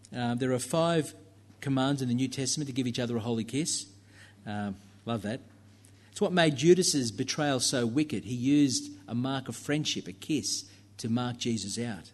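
In a church, a man with a medium-pitched voice preaches a sermon conversationally, using fillers and making asides to the congregation.

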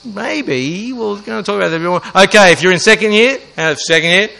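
A man's voice: high-pitched, a little fast, gravelly, sharp tone, low-quality recording. A young man giving a joking talk to a student audience, self-mocking and asking the crowd questions. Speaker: student ministry speaker.

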